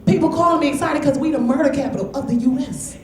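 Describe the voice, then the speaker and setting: Brash high-voiced woman comic. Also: quick pace, noisy background. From Flint, Michigan, US. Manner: brash, loud, crowd-baiting. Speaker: stand-up comic. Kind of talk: stand-up comedy set. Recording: echoey club with crowd.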